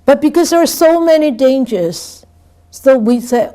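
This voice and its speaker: A Buddhist nun giving a dharma talk. She speaks haltingly, repeats words and keeps asking "right?". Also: high voice, animated, mellow. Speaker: Buddhist nun teaching scripture.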